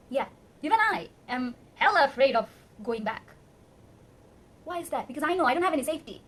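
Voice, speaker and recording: A woman's voice: high voice, animated, a little fast, long pauses, fairly bright tone. A young woman from Bangladesh with a Bangladeshi accent, delivering an emotional, pleading rant to camera in English as a second language. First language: Bengali. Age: young adult. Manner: impassioned, pleading, emphatic. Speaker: vlogger.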